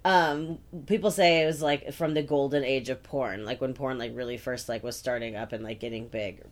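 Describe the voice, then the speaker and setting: A woman's voice: very deep voice, normal speed. A young woman co-hosting a podcast, telling stories casually with many fillers. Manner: relaxed, filler-heavy storytelling, lots of "like" and "um". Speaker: podcast co-host. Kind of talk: casual chat.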